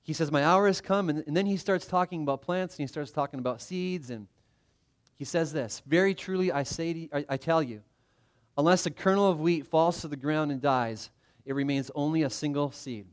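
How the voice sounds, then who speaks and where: A middle-aged man preaching in a relaxed, conversational way, with a voice a little higher than most men's. He pokes fun at himself and trips over his words, restarting phrases as he goes. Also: fairly quick. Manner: conversational, self-deprecating, with frequent restarts. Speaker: pastor. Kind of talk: sermon.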